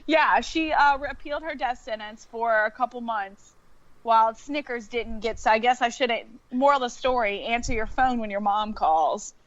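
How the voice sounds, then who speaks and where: A woman's voice: a little high, moderate pace, fairly bright tone, no room sound. A woman, telling a story in casual chat and laughing often. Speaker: podcast guest. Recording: dull lo-fi sound.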